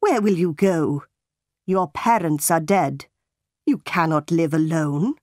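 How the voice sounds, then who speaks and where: A woman's voice: low voice, slow pace, a little mellow, dry recording, studio quality, voice pushed down. A woman voicing a cold, harsh middle-aged aunt in a storybook reading, with a scolding manner.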